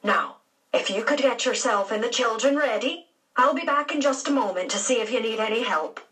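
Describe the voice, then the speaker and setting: A woman's voice: fairly high pitch, brisk, a bit bright, recorded from a distance, natural voice, poor audio. A woman voicing a polite, deferential adult ship steward in a storybook reading. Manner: courteous, urgent.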